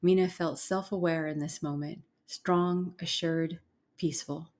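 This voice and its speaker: A woman narrates a ghost story in a low, hushed voice. She reads dramatically and drops to whispers at tense moments. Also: steady tone, measured pace.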